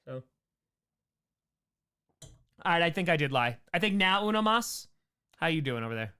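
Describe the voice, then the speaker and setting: A man hosts a casual livestream Q&A, reading chat names and riffing with loose, rambling jokes. His voice sits a bit high and sounds smooth and clear. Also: very animated, normal speed, bright, forceful tone. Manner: rambling, jokey, answers chat names aloud. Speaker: streamer host answering chat.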